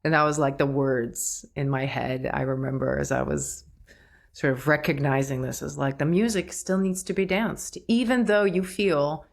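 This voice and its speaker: A woman hosting a solo podcast, talking reflectively, laughing at herself and acting out quoted thoughts. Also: deep voice. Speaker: podcast host.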